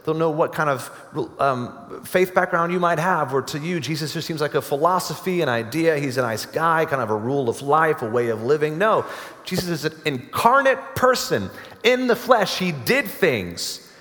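A man preaching a sermon to a congregation, earnest and emphatic, building to forceful climaxes. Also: a little high, lively intonation, normal speed. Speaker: pastor. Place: church sanctuary. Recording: long hall reverb.

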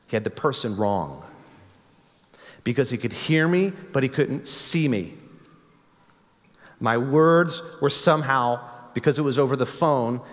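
A male pastor delivers a sermon in a slow, unhurried cadence at a mid-range pitch. He is reflective and circles back over key phrases. His voice rings with the long reverb of a church hall. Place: church building.

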